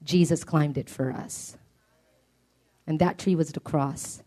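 A woman's voice: low voice, fairly even intonation, slow, warm tone. A woman preaching a sermon, earnest and emphatic, building up through repeated appeals.

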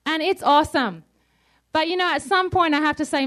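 High-voiced woman preaching a sermon. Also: brisk, fairly bright tone. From Australia. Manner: conversational, asks the crowd questions.

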